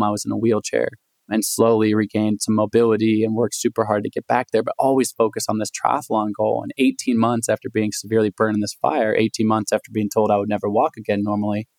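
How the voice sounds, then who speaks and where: A man talks fast and with energy. He acts out the people in his story as he tells it. The recording is dry and close. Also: fairly low pitch, dry recording. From United States. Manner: animated storyteller, acts out quoted voices. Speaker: guest, endurance athlete and author. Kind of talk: storytelling in a podcast interview.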